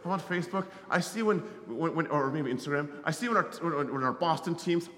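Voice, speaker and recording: A man preaching a sermon as a missionary, in a conversational way, often checking in with "right?" and swinging from loud to hushed. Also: on the high side, brisk. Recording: roomy hall reverb.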